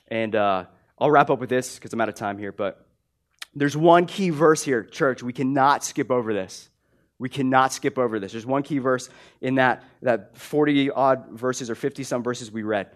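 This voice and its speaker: Man, pastor, sermon, conversational, emphatic repeats, frequent restarts. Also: medium pitch.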